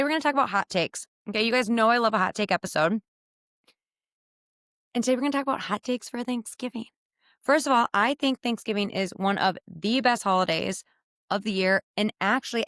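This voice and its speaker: A woman in her thirties talks candidly into a podcast microphone while sitting on her bed. Her voice sits at an ordinary middle pitch, and the sound is dry and close. She keeps the tone casual and lively, full of quick asides. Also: no echo. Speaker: podcast host. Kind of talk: casual solo podcast chat.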